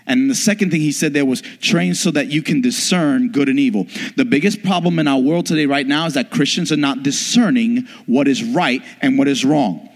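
A man's voice: mid-range voice, brisk, few pauses. A man preaching a sermon as pastor, emphatic, with frequent rhetorical questions to the congregation. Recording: long hall reverb.

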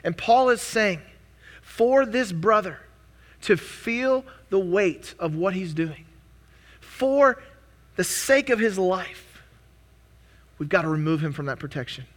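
A man's voice: sits high, expressive, slow pace, long pauses. A man preaching a sermon as pastor, earnest and conversational, often restarting his words.

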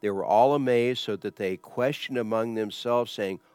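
A man's voice: mid-range voice, moderate pace, darkish tone, clear, resonant tone, dry recording. A pastor explaining scripture in a conversational sermon, asking rhetorical questions as he teaches. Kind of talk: expository sermon.

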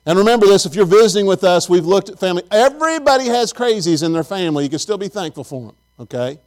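A man's voice: high-pitched, animated, quick pace, a little mellow. A middle-aged man, preaching a sermon in a folksy, chatty storytelling way and talking directly to his congregation. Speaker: pastor.

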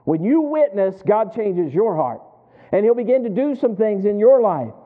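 A man's voice: high-pitched, very animated, moderate pace. A man preaching a sermon to his congregation, asking them questions and waiting for answers back. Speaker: pastor. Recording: tinny phone-like sound.

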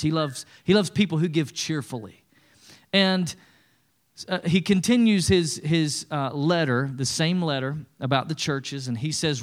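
A middle-aged male pastor preaching a conversational sermon, with lively acted-out asides. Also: a little high.

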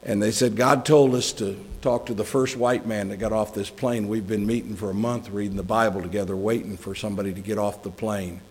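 A man's voice: on the low side, fairly even intonation, fairly quick, few pauses, breathy edge. A middle-aged man giving a conversational sermon as a guest preacher, folksy and joking with chuckling asides. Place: church sanctuary. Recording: long hall reverb.

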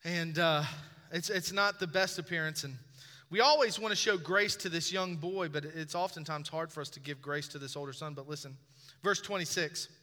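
A man's voice: on the high side, steady tone, a little fast, pushed and bright. A man preaching a sermon as a pastor, conversational and joking, often putting questions to the congregation. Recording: long reverb of a large hall.

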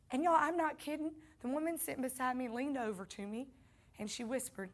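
A woman's voice: sits high, steady tone, a little fast. A woman with a Southern accent giving an earnest personal faith testimony, speaking to her listeners as y'all.

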